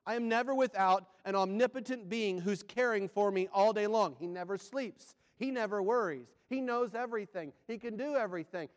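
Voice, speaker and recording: A man preaching a sermon, firing rhetorical questions and swinging between loud and hushed delivery. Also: high-pitched, clean tone, big-room sound.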